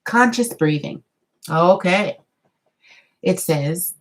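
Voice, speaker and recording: A woman with a notably low voice gives a live tarot reading to her viewers. She talks in a chatty, drawn-out way, wandering into asides as she turns each card. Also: poor audio. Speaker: tarot reader.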